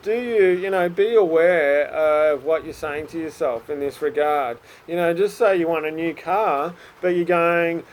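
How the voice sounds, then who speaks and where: A man's voice: fairly high pitch, normal speed, few pauses, poor audio. Chatty encouraging man. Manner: chatty, encouraging, with many fillers and acted self-talk. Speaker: psychic reader. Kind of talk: casual spoken reading to camera.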